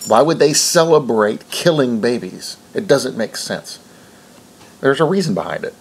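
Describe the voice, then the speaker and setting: A man's voice: medium pitch, lively intonation, normal speed, a little hiss or hum. A man reading news stories aloud and breaking off to rebut them in an indignant, preachy way. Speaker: online commentator.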